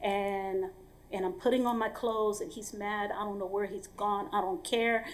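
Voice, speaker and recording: A woman's voice: mid-range voice, fairly even intonation, normal speed. A woman telling a personal story on stage at a live event in a casual, candid way, full of fillers and repeated words.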